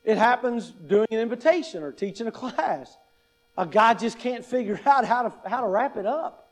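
A pastor in his fifties teaches about public speaking in a conversational style, his very high-pitched voice expressive and his speed normal. Wry humor and frequent "right?" questions run through the talk.

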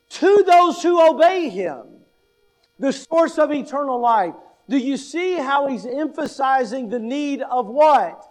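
High-voiced, slow, emphatic male preacher. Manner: emphatic, asks the congregation rhetorical questions; deliberate, stresses key words. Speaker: pastor. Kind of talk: sermon.

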